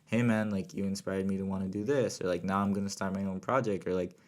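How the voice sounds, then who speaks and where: A man in his twenties from Southern California, a podcast guest talking in a relaxed, reflective way, hedging with "like" and "kind of". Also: sits low, quick pace, a little hiss or hum. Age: 20s. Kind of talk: casual podcast chat.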